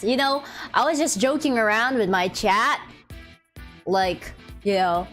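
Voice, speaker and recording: A young woman streaming a game, chatting playfully, giggling often and reading game text aloud, her voice a little deep from just waking up. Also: takes it slowly, a bit bright. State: slightly deep morning voice. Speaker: VTuber streamer. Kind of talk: casual live-stream chat. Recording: faint music behind.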